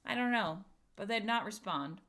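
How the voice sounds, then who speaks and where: A woman's voice: mid-range voice, moderate pace. A young woman co-hosting a stream, telling a rambling story in a casual chat. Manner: rambling, animated storytelling with lots of "like". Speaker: co-host of a streaming show.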